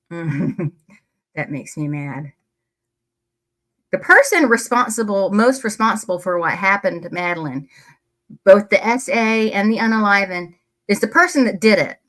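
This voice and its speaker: A woman talks to her viewers in a casual, heated way, blunt and quick to swear. She sits close to a desk microphone while she reads and reacts to messages. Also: mid-range voice, lively intonation, a bit bright. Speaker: true crime commentator. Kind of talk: casual commentary reading emails.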